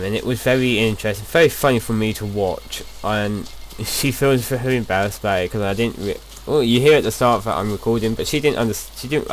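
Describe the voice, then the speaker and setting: A young man with a lowish voice chats about his gameplay as a video host, with a little hiss or hum in the audio. He rambles casually and often restarts his sentences.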